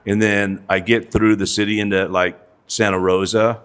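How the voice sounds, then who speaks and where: A man's voice: fairly low pitch, flat delivery, moderate pace, a bit bright, clean tone. A man in his sixties, a podcast guest, telling an old story in a hesitant way and repeating short agreements. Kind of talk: casual storytelling chat.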